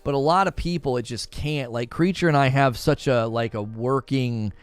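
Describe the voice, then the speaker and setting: A man's voice: medium pitch, normal speed, smooth, no echo. A man streaming, chatting casually with viewers in a rambling, laughing manner. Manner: rambling, self-interrupting, laughs often.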